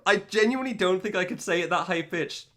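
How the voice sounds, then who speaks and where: A young man streams a game and chats casually with viewers, joking, mocking himself, and laughing often. His voice is high-pitched, fast, and a bit bright.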